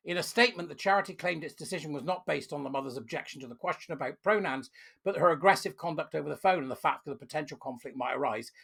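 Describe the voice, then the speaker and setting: Furious commentator, gravelly edge. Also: mid-range voice, fast, fairly bright tone. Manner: furious, ranting, emphatic. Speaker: online commentator. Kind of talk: angry opinion rant to camera.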